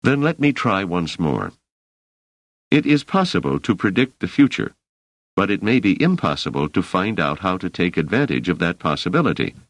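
A man's voice: deep voice, sing-song, moderate pace, no echo, full character voice. A man reading a patient, precise male scholar. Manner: patient, careful, explaining.

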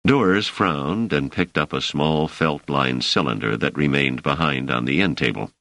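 A man narrating an audiobook in a measured, expressive reading. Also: extremely low pitch, vocal fry, no room sound. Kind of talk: scripted narration.

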